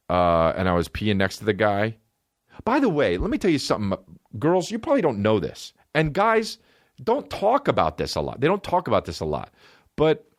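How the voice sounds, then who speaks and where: A man hosting a comedy podcast, riffing alone in a profane, rambling, animated way. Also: mid-range voice, dry recording, clean studio sound.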